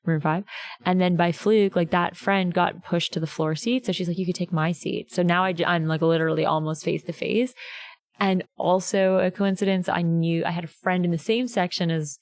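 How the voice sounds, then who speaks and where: Podcast guest, woman in her twenties, a chatty singer with a lowish voice who acts out the people in her stories. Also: fairly even intonation, moderate pace. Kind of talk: casual interview storytelling.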